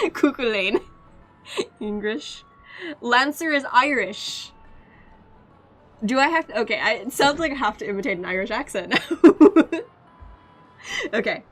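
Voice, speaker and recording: A woman's voice: a little high, animated, a little slow, long pauses, soft background music. A woman streamer chatting casually and laughing a lot, joking at her own expense. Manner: chatty, giggly, self-deprecating. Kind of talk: casual gaming stream chat.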